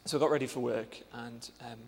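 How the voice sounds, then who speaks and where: A young man, a church intern, telling a personal testimony earnestly, with many pauses and fillers. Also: medium pitch, steady tone, gravelly, big-room sound, a little hiss or hum.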